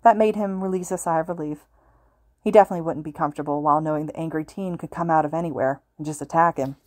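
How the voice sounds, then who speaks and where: A woman reading a fan fiction story aloud as a podfic narrator, calm and steady. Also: deep voice, fast talker, no room sound, clean studio sound. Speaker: podfic reader.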